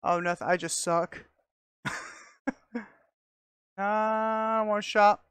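A woman giving casual, excitable commentary as she plays a video game, talking to herself and laughing often, recorded on a close mic. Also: medium pitch, slow, clear, resonant tone, no echo. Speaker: gamer.

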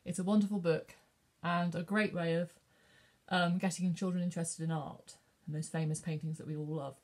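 A woman's voice: lowish voice, little pitch movement, normal speed, a little mellow. A woman librarian reading a picture book aloud at story time.

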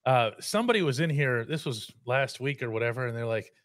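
A man's voice: medium pitch, animated, a little fast, fairly bright tone. A man with a slightly nasal voice, co-hosting a casual sports podcast in a wry, self-mocking way. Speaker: podcast host.

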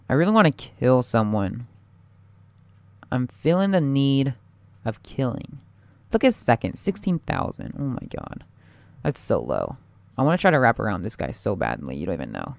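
A young man giving live gameplay commentary, anxious and excitable, often muttering and repeating himself. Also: medium pitch, moderate pace, gravelly, no room sound.

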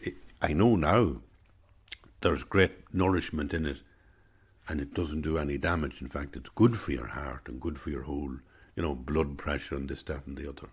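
A man's voice: very deep voice, fairly even intonation, normal speed, breathy edge. An older Irish man telling a rambling, reflective story. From Ireland. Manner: reflective, digressive.

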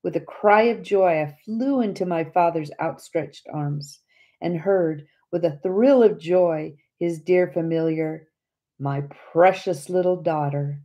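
Slow, low-voiced woman reading aloud. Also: mellow. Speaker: audiobook reader. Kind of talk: scripted narration.

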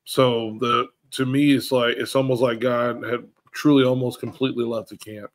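A man at a middle pitch leads a relaxed bible study with a group. He talks in an animated way and slips into other voices when he quotes people. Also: moderate pace. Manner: animated, acts out quoted characters. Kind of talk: casual group bible discussion.

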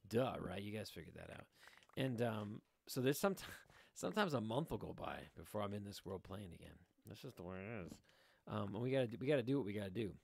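A man's voice: lowish voice, animated, a little fast, vocal fry, husky, dry recording. A middle-aged man giving casual, rambling let's-play commentary from a room at home, joking and talking to his viewers as he plays. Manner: rambling, jokey, talks to viewers while playing. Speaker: gaming video host.

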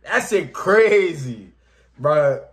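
A man's voice: a little high, expressive, extremely slow. A man hosting a music reaction video, chatting casually, calling everyone "man" and "bro" and rapping along with the track. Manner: laid-back, says "man" and "bro" constantly, raps along with the track. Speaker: reaction channel host.

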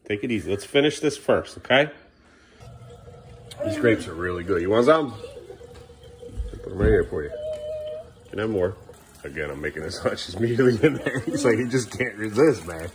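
A man's voice: lowish voice, animated, moderate pace, long pauses, a little hiss or hum. A father in a casual family vlog at home in the kitchen, coaxing his children and then getting firm with them, while turning to the camera for chatty asides. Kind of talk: family vlog narration while caring for kids.

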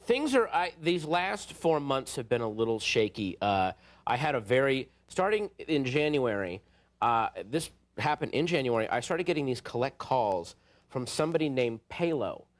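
A man in his thirties, a comedian guest on a talk show, telling a story animatedly and acting out voices, sometimes shouting. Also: mid-range voice, sing-song, normal speed. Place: TV studio with live audience.

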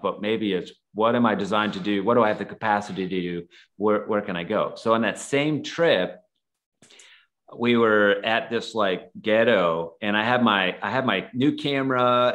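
This podcast guest is a man with a lowish, fairly bright voice. He tells casual stories in a rambling way, packing in fillers and acting out the dialogue he quotes.

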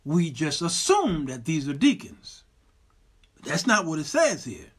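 A man with a high, bright, ringing voice talks through scripture on his own show. He teaches casually and folksily, often stumbling over repeated words before landing a point. He reads verses aloud, then comments on them. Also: wildly swooping pitch, unhurried, breathy edge. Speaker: show host and preacher. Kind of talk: informal Bible teaching.

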